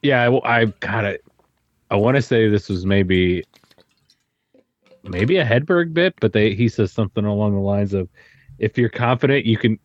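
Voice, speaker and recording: Deep-ish guy on a podcast, laughs a lot, kinda dull muffled audio, dry. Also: lively intonation, normal speed, long pauses, no room sound. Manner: easygoing, laughs often. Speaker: podcast co-host. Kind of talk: casual chat.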